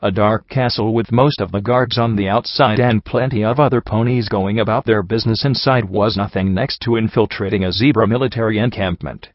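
A man narrating a first-person story in a steady reading voice. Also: lowish voice, fairly quick, few pauses, no echo, muffled recording.

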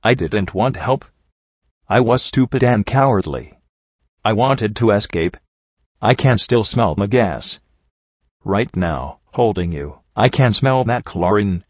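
A man voicing a guilt-ridden, weary female unicorn pony, speaking softly and in a subdued way. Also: on the low side, animated, slow pace, no echo, highs cut off. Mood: remorseful. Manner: soft, subdued, confessional.

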